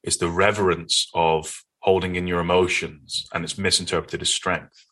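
A man with a Northern English accent, a guest in an interview, telling stories in an earnest, animated way. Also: sits low, normal speed. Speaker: podcast guest. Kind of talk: conversational interview.

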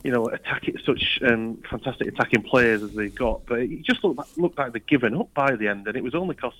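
A man's voice: medium pitch, brisk, a bit bright, poor audio. A male football reporter with a cold, talking through a match in a rambling way. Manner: rambling, many restarts and fillers. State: has a cold. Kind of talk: casual football chat.

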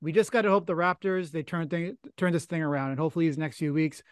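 A man's voice: a little high, fast talker, clear, resonant tone, dry recording, clean studio sound. A man hosting a basketball podcast, easygoing, asking questions and laughing along with his guest. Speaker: podcast host. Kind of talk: casual podcast chat.

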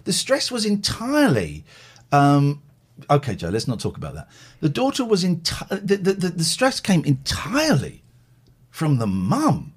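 A man hosting a chat show, telling stories in a rambling, animated way. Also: fairly high pitch, normal speed, slightly rough. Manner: rambling, lively, mimics others. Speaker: podcast host.

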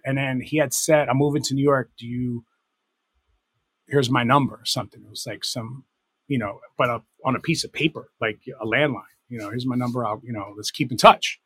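A middle-aged man with a husky, medium-pitched voice recounts stories as a guest in a relaxed interview. He meanders, restarts his sentences and corrects himself, and the recording is dry and close. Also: dry recording. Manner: rambling, self-correcting anecdotes with many fillers. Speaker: guest, DJ and producer. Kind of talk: casual storytelling interview.

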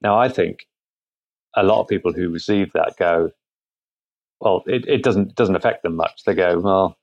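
A man being interviewed remotely, answering thoughtfully in a halting way with frequent restarts. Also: low-pitched, darkish tone. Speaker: guest, product founder. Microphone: remote internet call. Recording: muffled remote call audio.

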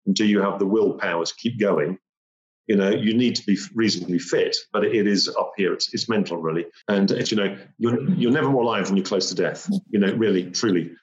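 A man's voice: on the low side, brisk, a little hiss or hum. A man telling a personal story in vivid detail, repeating phrases and acting out the moments he describes. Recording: roomy, dull lo-fi sound.

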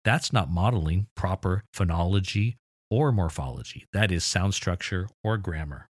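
Deep-voiced man explaining enthusiastically. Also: normal speed, slightly rough, no echo, clean studio sound. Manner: enthusiastic, explanatory, mildly exasperated asides. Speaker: podcast host. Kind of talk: educational podcast talk.

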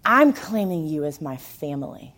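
A woman preaching a sermon, telling the story in an animated way, with emphatic lines that swing from loud to hushed. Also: low voice, moderate pace.

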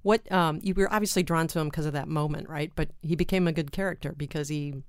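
A woman's voice: deep voice, quick pace, smooth, no room sound, studio quality. A woman hosting a casual conversation, steering it with prompting questions. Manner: guiding, asks prompting questions. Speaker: host. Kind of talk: casual interview chat.

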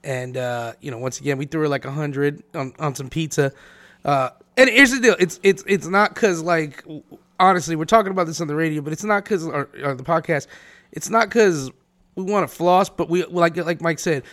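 Man, podcast co-host, fairly high voice, casual chat, chatty, restarts sentences. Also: moderate pace, fairly bright tone. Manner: chatty, repeats words when starting.

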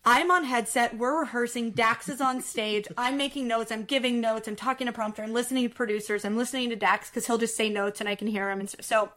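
Animated woman telling a story. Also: a little high, fast talker, hardly any pauses. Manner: animated, acts out quotes, laughs while telling. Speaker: production supervisor, guest. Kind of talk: casual storytelling in an interview.

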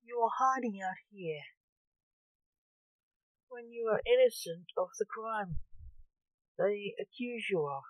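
A woman's voice: medium pitch, slow, long pauses, no room sound, pitched above the performer's own voice, natural voice, low-quality recording. Woman reading a sarcastic necromancer son. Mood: urging. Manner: blunt and sarcastic.

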